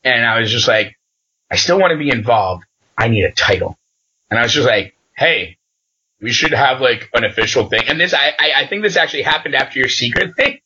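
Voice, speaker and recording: A man recaps a game session in easy, casual talk. He slips into the quoted lines as he goes and plays out each exchange. His voice is bright and husky, and the recording sounds muffled. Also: medium pitch, a little fast. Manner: animated storyteller who acts out quoted dialogue. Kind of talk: casual chat.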